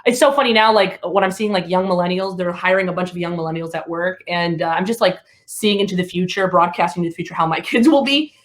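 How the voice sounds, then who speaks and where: A woman in her thirties from Alabama doing stand-up, telling stories in an animated, chatty way with laughs between lines. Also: lowish voice, fast, few pauses. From Alabama, USA. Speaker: comedian. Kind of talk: stand-up comedy.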